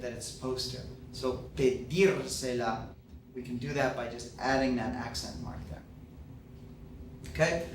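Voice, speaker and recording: Man, patient grammar lesson, slightly high voice, roomy echo, mic at a distance. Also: a little hiss or hum. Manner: patient, checks in with "okay" and "right". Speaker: Spanish teacher. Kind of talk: explaining grammar at a whiteboard. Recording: echoey classroom, mic at a distance.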